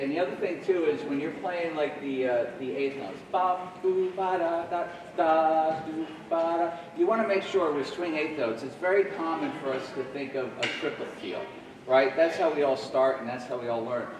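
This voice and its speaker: Speaking briskly at medium pitch, this man in his forties is a guest jazz clinician running a rehearsal for a middle school jazz band. He's friendly and scats rhythms out loud while instructing, heard distantly in a reverberant room with background noise.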